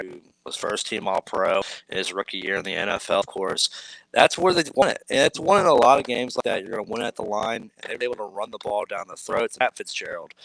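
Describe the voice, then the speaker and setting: A man co-hosting a sports podcast, giving steady, analytical breakdowns. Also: lowish voice, gravelly, low-quality recording. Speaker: podcast co-host. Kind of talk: casual sports podcast chat.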